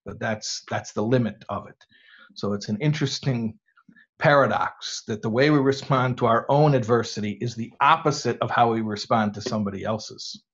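A man in his fifties with a husky voice gives a talk as a rabbi, taking questions from his audience. He lays things out step by step, asking a question aloud and then answering it. The sound is dull and lo-fi. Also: medium pitch, normal speed, fairly bright tone. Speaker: rabbi giving a talk to students.

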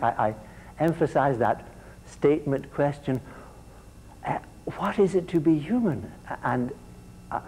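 Mellow-voiced man lecturing a class. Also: fairly high pitch, slight background noise, rough recording. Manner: repeats words as he restarts and quizzes the class. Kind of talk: university lecture.

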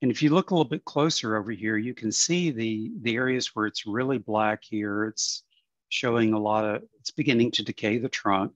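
A man presenting on plant diseases in a webinar, explaining in a halting way with many fillers and some throat clearing. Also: on the low side, dry recording, lo-fi sound.

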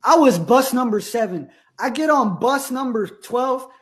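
A young man from Russia telling a profane, comic story about school in a deadpan way, acting out the people in it. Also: very high-pitched, measured pace, slightly rough. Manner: profane, deadpan, animated quoting. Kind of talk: comedic storytelling.

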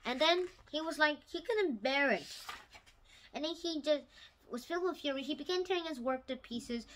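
A woman casually retelling a novel for her channel, halting with restarts and bursting into loud, excited outbursts. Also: sits high, a little hiss or hum, poor audio. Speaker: YouTube storyteller.

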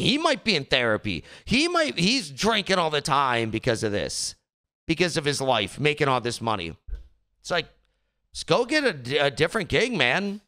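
Animated bright-voiced man ranting. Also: mid-range voice, smooth. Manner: animated ranting, exasperated, repeats words when worked up. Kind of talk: casual political commentary chat.

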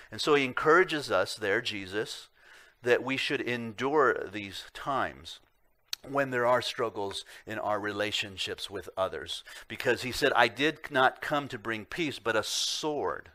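A man preaching a sermon as pastor, earnest and emphatic, asking the congregation rhetorical questions and swinging between loud emphasis and quiet low remarks. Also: expressive, a little slow. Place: church sanctuary.

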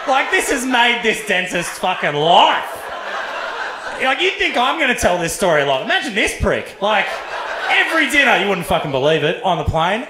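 A young Australian man doing stand-up, telling a story in a casual, sweary, excitable way. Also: high voice, normal speed, background noise. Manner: excitable, sweary, animated with laughs. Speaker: stand-up comedian.

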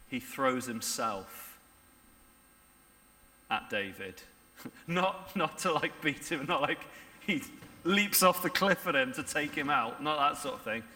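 In a church, a man with a fairly high, bright, forceful voice preaches a sermon conversationally, frequently posing rhetorical questions to the congregation. The recording carries the reverb of a church hall.

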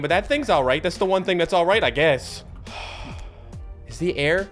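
A man's voice: high-pitched, sing-song, a little slow, fairly bright tone, faint music behind. A man giving gameplay commentary, self-mocking and chatty, talking to himself and his viewers. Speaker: gaming YouTuber.

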